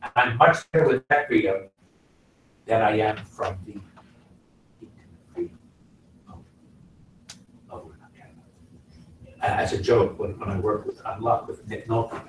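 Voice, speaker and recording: A middle-aged man, an actor giving a casual lecture to a class, talking in an animated way and swinging between loud and soft to make his points. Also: on the low side, takes it slowly, pauses often, a little hiss or hum. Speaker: guest actor speaking to a class. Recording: very echoey room, from far off.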